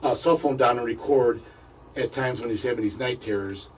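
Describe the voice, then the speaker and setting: Guy telling his story on a radio interview, stumbles and repeats himself a lot, sounds kinda far from the mic. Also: medium pitch. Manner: halting, repeats words, stops and restarts. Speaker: paranormal investigator guest.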